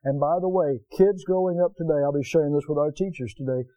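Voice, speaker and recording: A male pastor preaching a folksy sermon, rising to loud exclamations and then dropping low and slow. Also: dry recording, low-quality recording. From United States.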